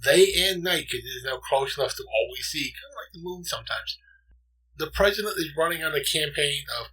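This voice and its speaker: Husky-voiced man, rambling podcast chat. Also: on the high side, brisk, poor audio. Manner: energetic, rambling, acts out lines in silly accents. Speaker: podcast co-host. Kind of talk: casual chat.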